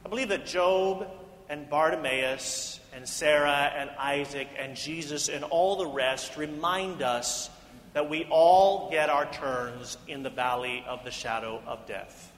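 A man's voice: a little high, measured pace, fairly bright tone. A male pastor preaching an earnest sermon full of rhetorical questions, speaking in a house of worship. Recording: echoey hall reverb.

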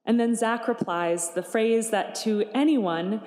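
A woman's voice: fairly high pitch, unhurried, hardly any pauses. Woman preaching in an echoing church. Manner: gentle, conversational, wry. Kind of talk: sermon. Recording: echoey church hall.

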